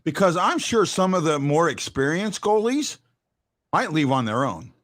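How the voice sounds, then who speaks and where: A man's voice: a little high, very animated, moderate pace, fairly bright tone. A man hosting a casual postgame sports talk show, often restarting his sentences and stressing his points hard. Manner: stammering restarts, emphatic when arguing a point.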